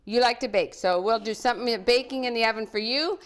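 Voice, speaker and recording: A woman's voice: fairly high pitch, a little fast. Cheerful chatty lady hosting a live cooking show, talking to kids and viewers. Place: living room at home.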